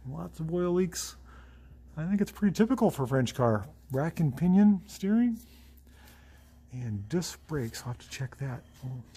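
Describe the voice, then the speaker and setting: A chatty mechanic talking through a car inspection in an easygoing, thinking-aloud way. His voice sits a little higher than most men's, and he is quick to sound pleasantly surprised. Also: dark tone, slightly rough. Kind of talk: casual walkaround commentary.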